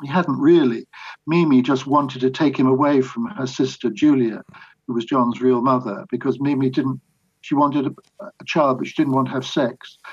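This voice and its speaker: A man's voice: medium pitch, steady tone, normal speed, slightly rough, dull audio. An older man, a biographer, answering interview questions in a reflective, anecdotal way with hesitant restarts. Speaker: biographer guest.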